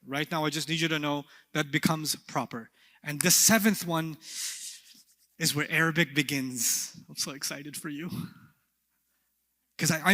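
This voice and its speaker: A man teaching an Arabic grammar class, animated and playful, often asking his students questions. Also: a little high. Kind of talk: classroom lecture. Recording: long hall reverb.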